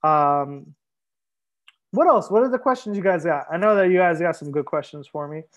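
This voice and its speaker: A young man hosts a casual live wine tasting as a sommelier, relaxed and joking as he answers viewers one by one. His voice sits high for a man. The livestream sound is a bit dull and lo-fi. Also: normal speed. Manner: relaxed, joking, reads viewer comments aloud.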